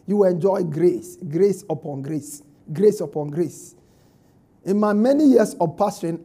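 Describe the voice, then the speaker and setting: A male pastor delivers an emphatic sermon in church, calling on the congregation to answer back. His voice sits high for a man, yet it sounds warm and mellow rather than sharp. He comes across as middle-aged and well used to preaching. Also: slightly rough. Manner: emphatic, call-and-response with congregation.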